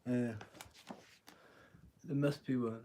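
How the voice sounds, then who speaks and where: Man, middle pitch, live tarot stream, chatty, jokey, phone mic. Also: fairly even intonation, slow pace, warm tone, a little hiss or hum. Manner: chatty, joking, laughs often, swears. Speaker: tarot reader.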